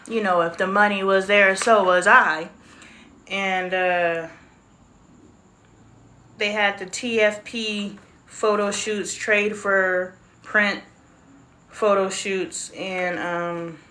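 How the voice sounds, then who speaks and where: Livestream host: woman, 40s, middle pitch, frank and chatty. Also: pushed and bright. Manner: candid, chatty storytelling. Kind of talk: casual live-stream chat.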